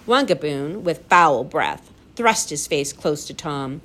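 Woman narrator for a children's tale, animated delivery. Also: low-pitched, measured pace. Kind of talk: storybook narration.

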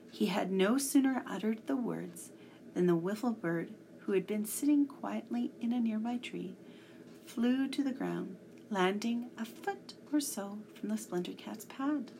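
A woman reading a children's story aloud, measured and sometimes hushed. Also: medium pitch, gravelly, a little hiss or hum.

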